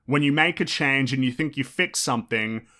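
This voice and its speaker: Animated man with a bright voice. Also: mid-range voice, normal speed. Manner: animated, frequent restarts, casual swearing. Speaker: podcast host. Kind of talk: casual commentary monologue.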